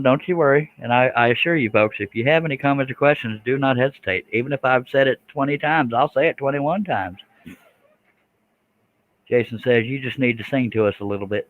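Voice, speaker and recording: A man's voice: mid-range voice, dry recording, narrow, tinny audio. A man, chatting casually with viewers while he works a scroll saw on a livestream. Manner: folksy, chatty, reads out viewer comments.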